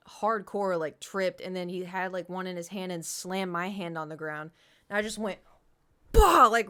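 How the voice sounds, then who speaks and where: Young woman streamer rambling thru a story, kinda low voice, swears a lot. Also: fairly bright tone, clear, resonant tone. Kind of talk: casual chat.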